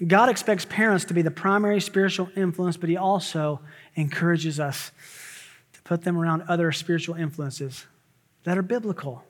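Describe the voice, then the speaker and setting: High-voiced preaching man in reverb. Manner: emphatic preaching with rising exclamations and quick asides. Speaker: pastor. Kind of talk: sermon. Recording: long hall reverb.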